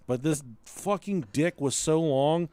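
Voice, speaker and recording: A man casually telling a story on a podcast, animated and profane, often laughing as he talks. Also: on the high side, measured pace, smooth, dry recording. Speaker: podcast host.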